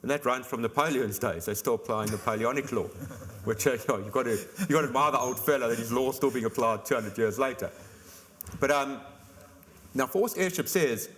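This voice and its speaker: Man, insurance expert guest on a conference panel; rapid, chatty explainer. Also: mid-range voice, fairly bright tone. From South Africa. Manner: fast, explanatory, chatty with "you know" fillers.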